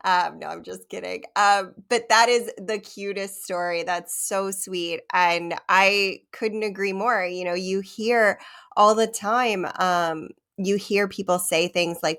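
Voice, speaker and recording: A woman's voice: medium pitch, slow, a bit bright. A woman hosting a podcast interview, chatty and joking in a casual way. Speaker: podcast host.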